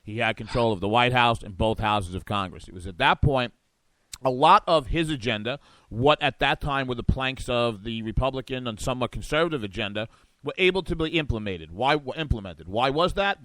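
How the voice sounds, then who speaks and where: Combative talk radio man, lively pitch. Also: fairly quick, no room sound. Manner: combative, sarcastic. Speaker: radio talk show host. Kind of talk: political commentary.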